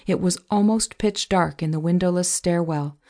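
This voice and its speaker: Woman reading a teen novel, lowish voice w/ lots of fry, steady storytelling. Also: moderate pace. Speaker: audiobook narrator. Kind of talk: scripted first-person narration.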